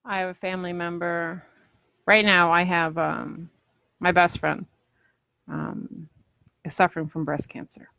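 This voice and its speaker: A woman's voice: lowish voice, little pitch movement, a little slow, vocal fry, long pauses, sharp tone, no room sound. Chatty woman demoing crafts at home. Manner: chatty and rambling, acts out customers' lines. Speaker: polymer clay crafter selling ornaments. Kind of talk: casual live craft demo.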